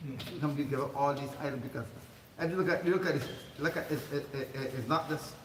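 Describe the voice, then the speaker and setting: A man's voice: medium pitch, fairly quick. A man teaching an informal Quran commentary class in a mosque, talking in a chatty way, laughing often and repeating his words. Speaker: religious teacher. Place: mosque hall. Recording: echoey hall, far mic, noisy.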